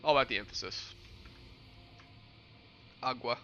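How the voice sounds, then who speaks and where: Bright-voiced chatty young streamer man. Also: mid-range voice, unhurried, highs cut off, slight background noise. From New York. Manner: chatty, rambling, answers chat viewers. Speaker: gaming streamer. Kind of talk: casual livestream chat while playing.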